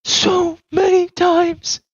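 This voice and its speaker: A game master voicing a deranged, weeping woman who shrieks and raves in a high, far-off voice. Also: level tone, very slow, no echo, lo-fi sound, full character voice. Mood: raving. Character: deranged weeping woman, grief-mad and frantic.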